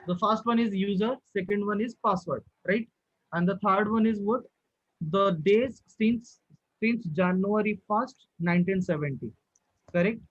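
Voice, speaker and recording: High-voiced man teaching a live online class. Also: a little slow, slightly rough, dry recording, dull audio. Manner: asks the class questions and repeats himself. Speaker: instructor. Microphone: video call.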